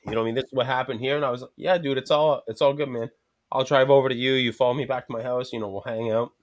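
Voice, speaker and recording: Guest: fast-paced man, casual and profane, acts out every voice in his stories. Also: medium pitch, steady tone. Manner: profane, rambling anecdotes with quoted dialogue. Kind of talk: casual storytelling chat.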